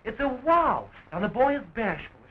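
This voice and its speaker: On a dull old film soundtrack, an actor plays a wisecracking young man rattling off quick joking patter while fighting to free his fiancée. His exaggerated voice is extremely high, husky, and very animated, with a coaxing mood.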